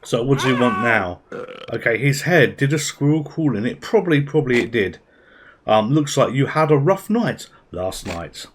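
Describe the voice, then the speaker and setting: A man's voice: mid-range voice, sing-song, moderate pace, slight background noise. A man giving casual, chatty commentary as he plays a game at his PC, thinking aloud with little asides. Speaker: gaming channel host.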